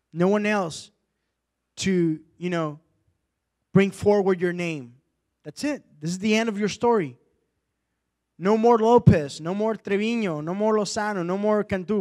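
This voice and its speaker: A male preacher delivering a sermon, rising from quiet storytelling to loud, impassioned exhortation. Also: high voice.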